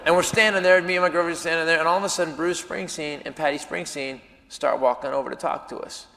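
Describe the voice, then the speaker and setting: A man telling a self-mocking story as a stand-up comedian, animated and jumping into acted quotes. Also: on the high side, fast, creaky. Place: comedy venue with live audience. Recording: live room with reverb and audience noise.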